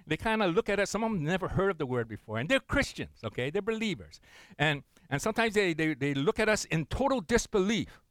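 A middle-aged man preaches in a relaxed, talky way, leaning on fillers and restarting his phrases. His voice sits fairly high for a man and moves a lot in pitch. The recording is dry and close. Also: a little fast, no room sound. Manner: conversational preaching, many "you know" fillers and repeats. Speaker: pastor. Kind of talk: sermon.

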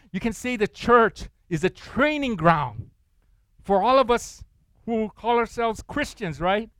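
Man, pastor, sermon, animated preaching, somewhat high voice, dry close recording. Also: no echo. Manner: animated preaching, acting out quoted voices and asking the congregation questions.

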